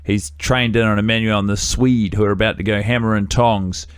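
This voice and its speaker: A man's voice: on the low side, fairly even intonation, brisk, clear, resonant tone, no echo, studio quality. A man hosting a podcast, recapping a film in a rambling, profane, comedic way. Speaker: podcast host. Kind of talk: casual film-review chat.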